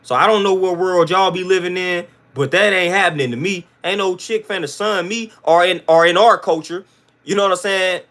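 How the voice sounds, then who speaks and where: A man's voice: high-pitched, normal speed, fairly bright tone. A man hosting a livestream, ranting to his chat in an emphatic, blunt, slang-heavy way that keeps repeating its points. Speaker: livestream host.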